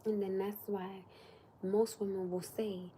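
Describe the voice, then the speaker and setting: Chatty woman with a mellow voice. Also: mid-range voice, a little slow, slight background noise. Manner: animated, drops to whispers for emphasis. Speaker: livestream host. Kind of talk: casual livestream chat.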